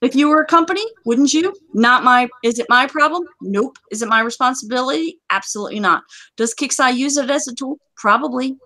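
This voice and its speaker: Woman, live stream host, brisk and emphatic, bright higher voice, dry close sound. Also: no room sound, low-quality recording. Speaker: gaming community host. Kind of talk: live stream casual chat.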